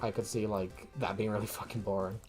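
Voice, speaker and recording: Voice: low-pitched, fairly even intonation, brisk, a little mellow, breathy edge, faint music behind. A streamer chatting casually while drawing, rambling, swearing freely and laughing often.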